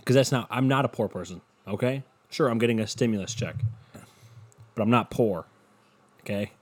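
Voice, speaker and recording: A man's voice: fairly low pitch, moderate pace, slightly rough. A young man hosting a solo podcast into a cheap desk mic at home, rambling in a crude, self-mocking way with lots of swearing. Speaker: podcast host. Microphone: cheap desk mic, headphones.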